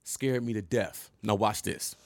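A middle-aged man from Michigan telling a personal story in a casual monologue, animated and emphatic, acting out the scenes. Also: fairly low pitch, measured pace, no room sound, clean studio sound.

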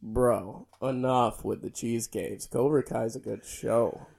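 A man's voice: mid-range voice, slow pace, creaky, darkish tone, husky. A man co-hosting a podcast, laid-back and teasing, mostly giving short replies. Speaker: podcast co-host. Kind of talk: casual chat.

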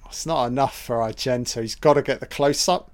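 A man's voice: medium pitch, a little fast. A man giving a casual, crude running commentary on a film, swearing and reacting aloud.

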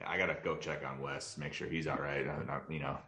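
A man co-hosting a casual podcast, easygoing and halting with lots of fillers. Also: rumbling low, little pitch movement, bright, forceful tone. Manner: easygoing, lots of likes and hesitations. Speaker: podcast co-host. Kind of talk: casual chat.

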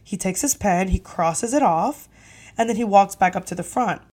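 A young woman hosting a podcast, telling a story casually with lively, profane, exasperated energy. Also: mid-range voice, normal speed. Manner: animated, profane, exasperated retelling. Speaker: podcast host.

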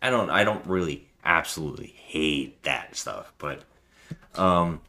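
A man's voice: extremely low pitch, lively intonation, a little slow, pushed and bright. A man co-hosting a podcast, chatting casually and ramblingly while he reviews a movie. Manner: chatty, rambling, jokey impressions. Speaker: podcast co-host.

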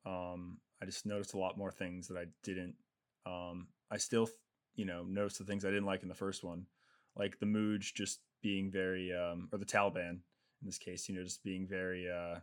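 A man's voice: deep voice, flat delivery, moderate pace, clean tone. A man hosting a war movie review podcast, with a Boston accent, bantering and swearing casually. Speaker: podcast host. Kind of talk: casual chat.

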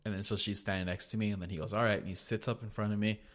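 Laid-back low-voiced guy. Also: flat delivery, rapid-fire. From United States. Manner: laid-back, profane, peppered with "like". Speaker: podcast host. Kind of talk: casual storytelling.

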